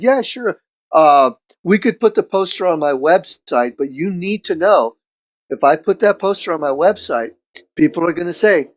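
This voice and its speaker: Middle-aged guy on a podcast, bit high voice, swears a lot, acts out the quotes. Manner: profane, animated storytelling, acting out quotes. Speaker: podcast guest, street artist. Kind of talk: casual storytelling chat.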